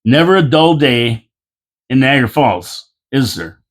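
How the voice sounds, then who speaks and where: A man's voice: mid-range voice, big pitch swings, a little slow. Guy rambling on his own show, repeats stuff, folksy, kinda tired and yawny, regular mid voice. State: tired, yawning. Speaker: local commentary host. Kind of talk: casual opinion monologue.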